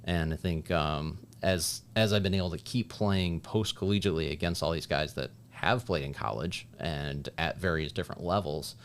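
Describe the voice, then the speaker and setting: Man, very low voice, from upstate New York, podcast guest, reflective, plain-spoken, faint rumble. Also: moderate pace, few pauses. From Liverpool, New York. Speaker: podcast guest, lacrosse player and referee. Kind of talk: casual podcast conversation.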